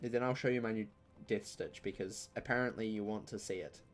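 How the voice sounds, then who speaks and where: A young man, chatting casually through a live-streamed game, joking and breaking into loud outcries. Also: lowish voice, a little fast, faint music behind. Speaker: gaming streamer.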